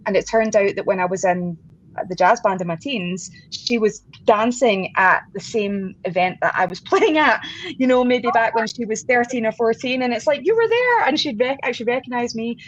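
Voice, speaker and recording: A woman's voice: mid-range voice, moderate pace. A woman guest musician in a casual interview, chatting with frequent laughs, fillers and restarts. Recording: dull lo-fi sound with faint background noise.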